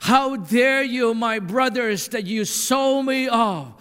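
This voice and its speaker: A man's voice: extremely high pitch, a little slow, a bit bright. A man preacher voicing a young man furious at being betrayed by his brothers, in an indignant, accusing tone, with a long hall reverb. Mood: angry.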